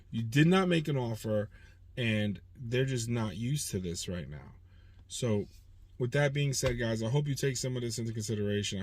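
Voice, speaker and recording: A man's voice: mid-range voice, darkish tone, dry recording. A man in his forties, a used car dealer hosting his own channel, rambling in a casual, profane, streetwise way. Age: 40s. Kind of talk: casual vlog monologue.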